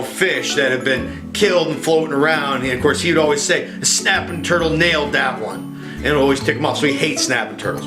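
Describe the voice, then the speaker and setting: Rambling man telling a story over guitar. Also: mid-range voice. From rural farm upbringing. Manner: relaxed, rambling, many fillers. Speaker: storyteller host. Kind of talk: casual storytelling. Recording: roomy echo with guitar music behind.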